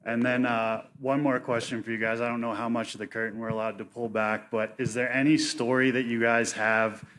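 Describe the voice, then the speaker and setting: A man's voice: medium pitch, little pitch movement, brisk, few pauses, fairly bright tone. A man asking fighters questions at a press conference in a casual, easygoing way. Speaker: interviewer.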